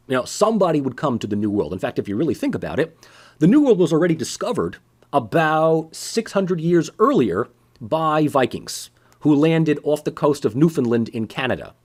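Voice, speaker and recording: A man's voice: on the high side, sing-song, moderate pace, a little mellow. A man giving a casual, conversational political science lecture with sarcastic asides.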